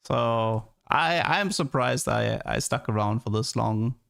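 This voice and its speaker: A man's voice: medium pitch, slow, gravelly, a bit bright, clean tone. A young man streaming and chatting casually, rambling and stammering, often repeating words and laughing.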